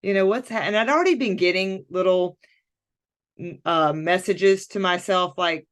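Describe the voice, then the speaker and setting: Woman coach, candid storytelling, animated, acts out her inner voice. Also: lowish voice, moderate pace. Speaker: podcast guest, coach.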